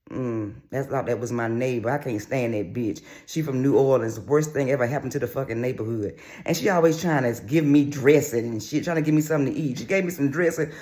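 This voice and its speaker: A man giving sassy, brash, crude gossip commentary on a reality show in a casual vlog. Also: a little high.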